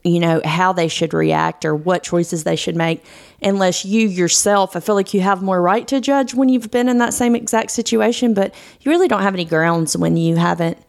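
Woman co-host, kinda low voice w/ lots of vocal fry, casual podcast chat, thinks out loud. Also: moderate pace. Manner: thoughtful, talks through ideas with small laughs.

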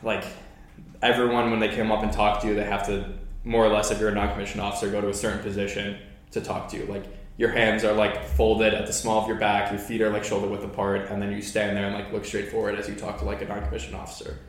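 A man's voice: lowish voice, completely flat delivery, quick pace. Casual swearing young man, echoey room. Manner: casual, swears a lot, lots of "like" fillers. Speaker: podcast host. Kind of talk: casual podcast storytelling.

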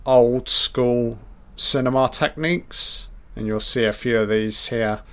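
A man's voice: mid-range voice, a bit bright. A man giving a casual, profane, enthusiastic audio commentary over a film.

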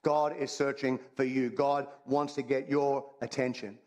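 A man's voice: mid-range voice, flat delivery, measured pace, darkish tone. A man preaching a sermon, talking in a conversational, humorous way and repeating his phrases for emphasis. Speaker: pastor.

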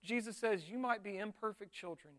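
A man's voice: high voice, a little fast. A man preaching a sermon as pastor, talking conversationally and often checking in with his listeners with rhetorical tags. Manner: conversational, with frequent rhetorical tags and animated retellings.

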